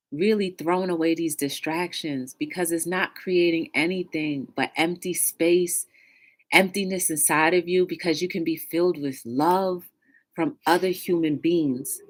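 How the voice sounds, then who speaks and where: Chatty woman hosting a livestream. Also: fairly low pitch. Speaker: livestream talk show host. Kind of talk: casual livestream chat.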